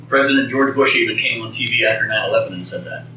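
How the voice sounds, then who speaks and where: A man's voice: fairly low pitch, brisk, sharp tone, far from the mic, a little hiss or hum. Man teaching a group in an echoey room. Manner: conversational, repeats words, questions the audience. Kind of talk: live teaching talk to a group. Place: meeting room with an audience.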